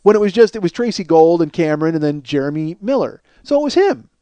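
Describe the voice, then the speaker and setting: A man's voice: fairly high pitch, very animated, quick pace, warm tone, clean tone, no echo. A man hosting a comedy podcast, telling a profane story and acting out both sides of the conversation in a ranting manner. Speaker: podcast host.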